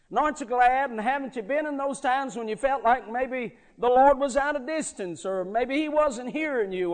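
A man preaching a sermon, telling a story and swelling from quiet, drawn-out words to loud emphatic peaks. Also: very high-pitched.

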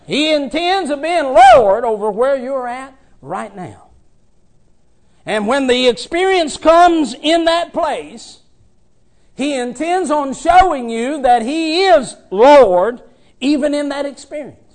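High-voiced fervent male preacher. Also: lively intonation, slow pace. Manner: fervent, swings from soft to loud. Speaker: traveling preacher. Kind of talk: sermon.

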